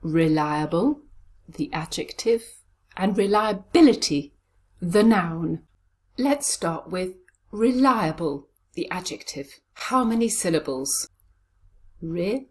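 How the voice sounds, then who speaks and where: Slow, deliberate woman pronunciation coach. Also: on the low side, lively intonation, a little mellow. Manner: slow, deliberate, spells out sounds syllable by syllable. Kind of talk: pronunciation lesson.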